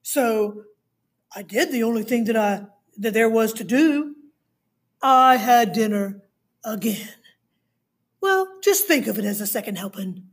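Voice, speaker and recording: A woman doing a gravelly storybook wolf. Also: fairly high pitch, expressive, unhurried, long pauses. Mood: self-justifying. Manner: innocent, self-justifying storybook wolf. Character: sly male big bad wolf, smooth excuse-maker.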